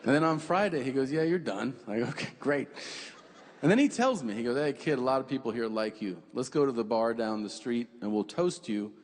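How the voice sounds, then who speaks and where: Male comic on a club stage, swooping animated delivery, long reverb, stand-up set. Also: mid-range voice, a little fast. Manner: animated storytelling, acts out quoted voices, profane. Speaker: stand-up comedian. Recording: reverberant club with faint room noise.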